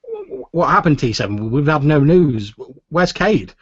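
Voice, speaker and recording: A man's voice: on the high side, sing-song, normal speed, no echo, voice pushed up. A man voicing a brash young male pilot who stammers anxiously. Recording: dull, dry lo-fi audio.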